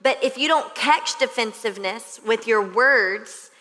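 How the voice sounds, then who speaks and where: A woman's voice: a little high, a little slow, pushed and bright, long reverb tail, low-quality recording. A female pastor preaching earnestly, building points through repetition. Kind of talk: sermon. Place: church stage.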